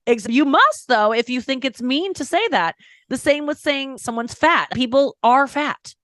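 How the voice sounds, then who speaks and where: Frank, quick-talking woman comedian. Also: sits high, expressive, fairly bright tone, no echo, studio quality. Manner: frank, storytelling with acted-out quotes; quick, emphatic, self-correcting. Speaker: stand-up comedian, podcast guest. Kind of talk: candid interview talk.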